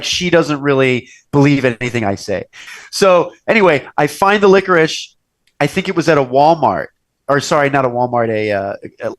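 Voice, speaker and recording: A young man hosting a casual chat show from a restaurant's wine cellar, telling stories and acting out quoted lines in bigger voices. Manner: animated storyteller, acts out quotes with big pitch jumps. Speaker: podcast host.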